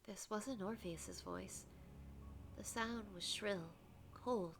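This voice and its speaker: A woman's voice: mid-range voice, takes it slowly, gravelly, faint music behind. A woman reading a visual novel's narration aloud with wry casual asides. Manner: dramatic storytelling with wry asides.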